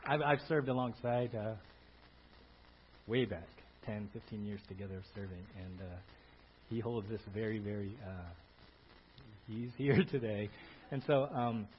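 Animated pastor with lo-fi church audio. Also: male voice, fairly low pitch, a little slow, pauses often. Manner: animated, lots of fillers and restarts. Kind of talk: church announcement. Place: church sanctuary. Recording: dull lo-fi church audio, faint hum.

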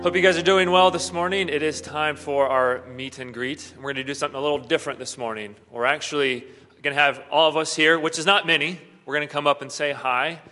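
A man's voice: on the high side, fairly even intonation, a little fast, sharp tone, in a large hall, soft background music. A man hosting a church service, giving an upbeat, friendly welcome to the congregation. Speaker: worship service host. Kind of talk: church meet-and-greet welcome.

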